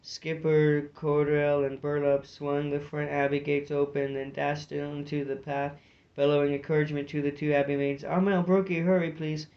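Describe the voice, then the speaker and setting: A man's voice: a little high, monotone, moderate pace. Man reading a storybook aloud. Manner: narrating with occasional slips and restarts. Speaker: audiobook reader. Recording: dull lo-fi recording.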